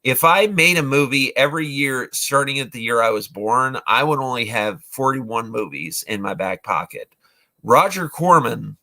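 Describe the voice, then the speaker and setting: A man's voice: medium pitch, sharp tone. A man in his forties who casually retells movies, rambling, with lots of fillers and restarts. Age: 40s. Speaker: vlogger, movie reviewer.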